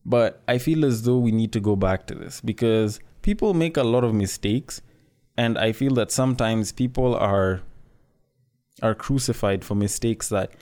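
A man's voice: fairly low pitch, normal speed, darkish tone. A man giving casual, frank commentary, talking conversationally and swearing freely.

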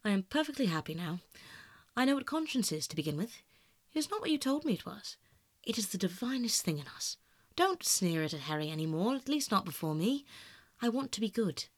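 A man's voice: sits high, sing-song, fairly quick, no room sound. A man reading aloud, voicing a passionate, self-absorbed young male aristocrat with earnest, pleading outbursts, in a dry, close sound. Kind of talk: audiobook narration.

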